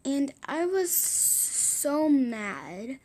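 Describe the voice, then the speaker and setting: A woman with a fairly high voice narrates a casual storytime at an unhurried, slow pace. She rambles and circles back over the same words, restarting her sentences. Now and then she drops into a whispered aside. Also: very animated, a little mellow.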